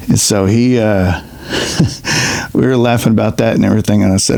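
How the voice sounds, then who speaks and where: A middle-aged man, a retired veterans' representative, speaking earnestly in a halting personal monologue full of restarts. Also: on the low side, creaky, a little mellow, no echo. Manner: earnest, halting storyteller with many restarts and fillers.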